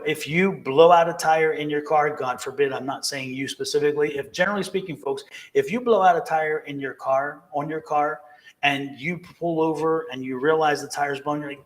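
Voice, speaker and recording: A man giving live-streamed tarot readings, emphatic and encouraging, repeating key phrases to viewers. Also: a little high. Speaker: tarot reader.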